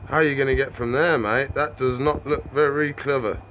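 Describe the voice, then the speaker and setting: A man's voice: mid-range voice, fairly even intonation, moderate pace, lo-fi sound, slight background noise. A man running a reptile shop, chatting casually on camera and talking to his animals. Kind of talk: casual vlog chat.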